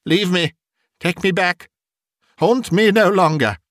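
A man's voice: sits high, slow, no room sound, studio quality, pitched above the performer's own voice. A man voicing a desperate old male miser whose voice breaks as he pleads, in an audiobook reading. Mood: anguished. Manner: pleading, then shouting in anguish.

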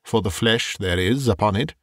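A man voicing a sorrowful male spirit who grows old through the night, speaking gravely in a storybook reading. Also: fairly low pitch, moderate pace, no room sound, clean studio sound, close to an everyday voice. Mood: solemn.

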